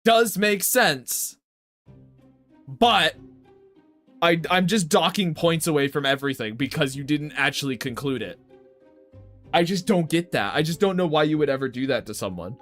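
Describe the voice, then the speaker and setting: Ranting, foul-mouthed streamer man, higher voice. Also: moderate pace, pauses often, fairly bright tone, faint music behind. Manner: ranting, swearing, talks straight to chat. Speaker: artist streaming his drawing. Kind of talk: casual livestream chat.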